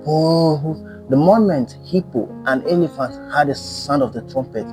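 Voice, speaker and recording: A man telling a folktale in an animated, emphatic way, repeating phrases for effect. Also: a little high, a little slow, soft background music. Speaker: storyteller. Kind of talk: folktale storytelling.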